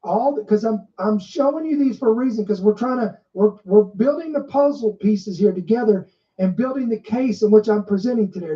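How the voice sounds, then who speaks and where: A woman's voice: on the high side, normal speed, dark tone. A woman hosting a podcast, reading news headlines aloud and stressing key words, stopping to add her own commentary. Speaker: podcast host. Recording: muffled, dull recording.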